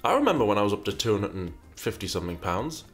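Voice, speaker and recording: Lowish-voiced man musing over viewer questions. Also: sing-song, fast talker, faint music behind. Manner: reads questions aloud, muses, repeats himself. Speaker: host answering viewer questions. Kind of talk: casual chat.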